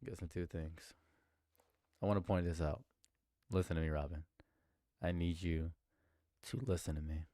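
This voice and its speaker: A man's voice: low voice, flat delivery, moderate pace, pauses often, dark tone, no echo, studio quality. A man streaming live react commentary, talking in a heated, rambling way and repeating himself.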